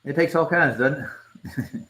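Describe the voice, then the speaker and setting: A man's voice: on the high side, measured pace, bright, forceful tone, poor audio. A man hosting a live stream, chatting casually and laughing often with his guests.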